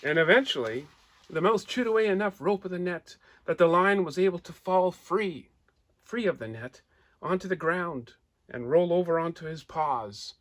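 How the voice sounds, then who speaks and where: Male storyteller reading to children, lively, draws listeners in with questions and pictures. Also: a little high, a little slow. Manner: animated, asks listeners questions; points out pictures while telling.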